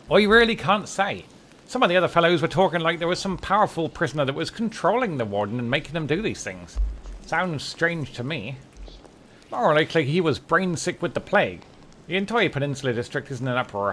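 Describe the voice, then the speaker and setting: Game rogue, male, cheeky and mercenary, man putting on the voice, lively sing-song delivery. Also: fairly high pitch, pitched above the performer's own voice. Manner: chatty, wry, sly. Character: cheeky male rogue, thief for hire, haggling.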